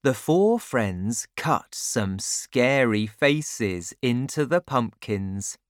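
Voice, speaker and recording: Slow, low-voiced woman reading a storybook. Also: expressive, no room sound, clean studio sound. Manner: slow, clear, carefully paced reading. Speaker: narrator. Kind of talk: storybook narration for children.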